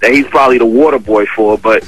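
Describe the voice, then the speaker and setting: Animated man telling a story on radio. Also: mid-range voice, fast talker, low-quality recording. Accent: New York. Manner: animated, conversational, heavy with fillers and slang. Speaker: radio interview guest. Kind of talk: casual storytelling interview. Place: radio studio. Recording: dry radio studio.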